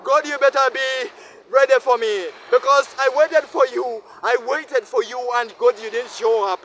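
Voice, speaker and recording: Man vlogging outdoors, very high voice, emphatic repeated questions, faint street noise. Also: normal speed, a bit bright. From Uganda. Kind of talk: impassioned self-talk monologue.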